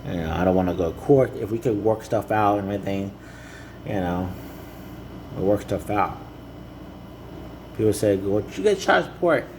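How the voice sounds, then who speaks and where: A man speaking earnestly to the camera in a rambling personal monologue, halting and repeating "you know" often. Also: low voice, steady tone, background noise. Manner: earnest and heartfelt.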